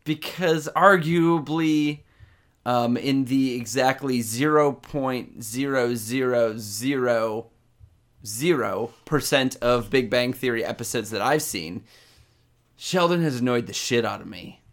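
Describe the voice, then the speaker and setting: A man's voice: mid-range voice, takes it slowly. A young man co-hosting a comedy podcast in casual chat, wry and mock-exasperated with stammering restarts. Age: young adult. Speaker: podcast co-host.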